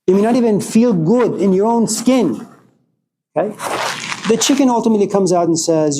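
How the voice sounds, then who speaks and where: Slow, mellow-voiced male lecturer. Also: sits high, lively intonation, a little hiss or hum, low-quality recording. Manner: slow, deliberate, digressive storytelling. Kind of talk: philosophical lecture with storytelling.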